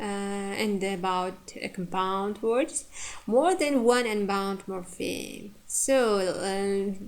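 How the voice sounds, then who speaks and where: A woman teacher lecturing on word stress, repeating each example word and pausing on frequent fillers. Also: mid-range voice. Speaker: English phonetics teacher.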